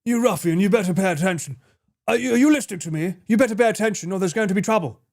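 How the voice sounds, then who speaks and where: A man doing a prim posh gentleman. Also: rapid-fire. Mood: prim scolding. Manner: prissy, fussy, high and proper.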